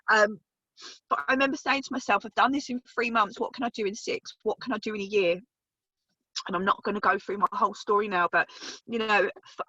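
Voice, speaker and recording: A woman's voice: fairly high pitch, sharp tone, dry recording, lo-fi sound. A woman in her thirties giving an emphatic, chatty testimonial on a video call, swearing casually as she tells her story. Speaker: business testimonial speaker. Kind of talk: motivational testimonial on a group call.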